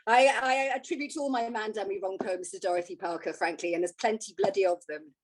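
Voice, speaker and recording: A woman, a poet introducing her poems with hesitant fillers, then reciting them in a measured way over a video call. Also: medium pitch. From Wales. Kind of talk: poetry reading.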